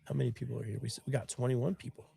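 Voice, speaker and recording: A man's voice: mid-range voice, fairly even intonation, racing, creaky, warm tone, slightly rough. A man with bronchitis, sniffling as he hosts his own live stream in casual chat. He tells stories earnestly and emotionally, with a lot of rambling.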